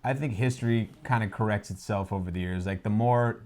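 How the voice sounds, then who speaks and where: A man with a fairly low voice co-hosting a casual reaction discussion. He talks easily and slips in dry, joking asides. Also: brisk, darkish tone. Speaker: co-host of a reaction channel.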